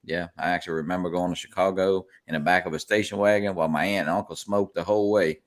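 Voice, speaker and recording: Deep-voiced man, laid-back host. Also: steady tone, fast. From South Louisiana. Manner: laid-back, chatty storyteller who laughs often. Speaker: host of a live drone chat. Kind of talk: casual chat.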